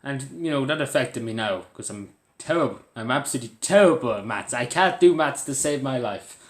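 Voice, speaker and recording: Irish man, casual vlogger, earnest and rambling, mid-pitched, roomy echo. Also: lively intonation, brisk. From Ireland. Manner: rambling, earnest, with many fillers and restarts. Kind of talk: casual talk to camera.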